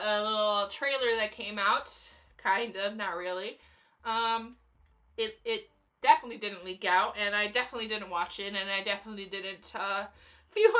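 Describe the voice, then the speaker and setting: A woman's voice: a little high, pushed and bright. A young woman vlogging casual movie commentary, chatty and playfully sarcastic. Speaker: YouTube vlogger.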